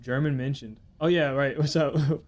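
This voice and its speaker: Medium in pitch and moderately paced, this young man's voice stays fairly even as he streams a game. His live commentary is casual and rambling, full of profanity and jokes, and he reads messages from chat aloud.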